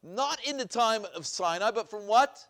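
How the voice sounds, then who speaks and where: A man's voice: sits high, lively intonation, normal speed, fairly bright tone. A man teaching a Bible class as a rabbi, reading verses aloud and asking his listeners questions. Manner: asks questions and repeats them, reads Hebrew verses aloud. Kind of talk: classroom lecture with questions to the audience. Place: synagogue classroom.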